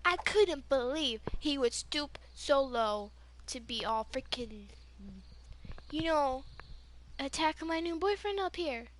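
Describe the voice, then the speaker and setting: Casual vlog storyteller: a high-pitched woman who rambles slowly, leans on fillers and flares up into loud outbursts. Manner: rambling, heavy use of "you know" and "like"; excitable, bursts into yelling when retelling. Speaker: gaming vlogger.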